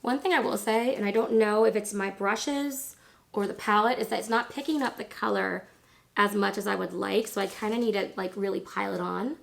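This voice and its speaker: A woman in her thirties, hoarse from laryngitis, chatting casually and rambling through a makeup tutorial. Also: mid-range voice, a little fast. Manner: chatty, rambling, lots of fillers. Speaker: beauty vlogger.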